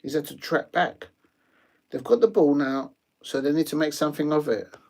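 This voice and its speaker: A man doing rambling, jokey live commentary on a football match, with slangy asides and sudden excited shouts. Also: a little high, normal speed. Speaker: watch-along streamer. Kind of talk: live watch-along commentary.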